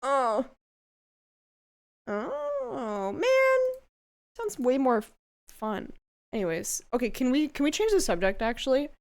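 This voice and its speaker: A woman's voice: high-pitched, very animated, slow pace, vocal fry, pauses often. A woman VTuber chatting casually on a live stream, crude and swearing freely, often breaking into squealing laughter. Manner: bursts into loud squealing laughter.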